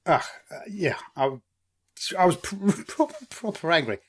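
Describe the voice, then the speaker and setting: Animated East man chatting. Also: high voice, unhurried, husky. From East London. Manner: animated, swears freely, laughs often. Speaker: podcast co-host. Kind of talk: casual chat.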